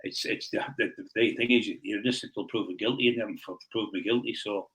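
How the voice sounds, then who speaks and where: A man's voice: on the low side, steady tone, a bit bright, low-quality recording. A middle-aged man from Scotland, a guest telling stories in a blunt, rambling way. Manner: blunt, rambling, quick-talking. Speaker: interview guest. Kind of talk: casual storytelling.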